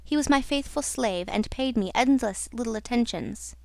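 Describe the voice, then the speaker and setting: A woman narrating an audiobook in a slow, dramatic reading style. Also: fairly high pitch, vocal fry, no echo. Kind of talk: scripted narration.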